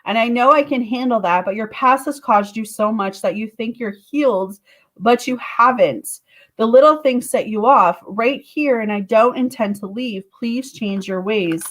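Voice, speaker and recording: A woman with a fairly high voice does a live tarot reading for her viewers. Her talk is chatty and direct, and she breaks into sudden high exclamations between the cards she reads. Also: moderate pace, hardly any pauses, fairly bright tone. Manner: chatty, talks straight to viewers. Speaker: tarot reader.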